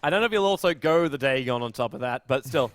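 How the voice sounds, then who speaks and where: A young man casting a live esports match, chatting casually and then rising into fast, excited play-by-play during fights. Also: mid-range voice. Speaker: esports caster. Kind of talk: live game commentary.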